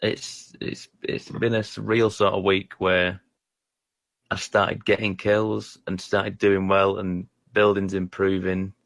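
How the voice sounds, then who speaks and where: A man with a deep, low-pitched voice chats casually about video games. He rambles and stumbles over his words, often poking fun at himself, and sounds close and dry. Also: little pitch movement, creaky, a bit bright, no room sound. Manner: rambling, halting, self-deprecating. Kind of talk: casual gaming chat.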